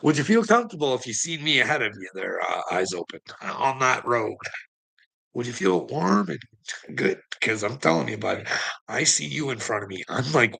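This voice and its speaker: A man's voice: medium pitch, big pitch swings, normal speed, gravelly, pushed and bright, husky. A man ranting profanely at someone, mocking and angry, with laughs between lines. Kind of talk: ranting livestream talk.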